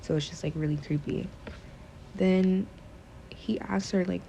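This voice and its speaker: A woman's voice: lowish voice, steady tone, a little slow, creaky, noisy background. A woman podcast host casually retelling a book's plot, rambling with lots of fillers and swearing. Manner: rambling, profane, many fillers. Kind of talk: casual storytelling, retelling a book.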